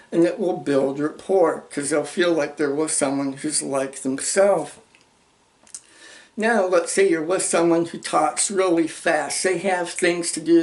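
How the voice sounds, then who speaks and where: Slow, emphatic self-help teacher man. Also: fairly high pitch. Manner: emphatic, acts out example dialogue. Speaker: channel host teaching social skills. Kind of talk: motivational self-help lesson.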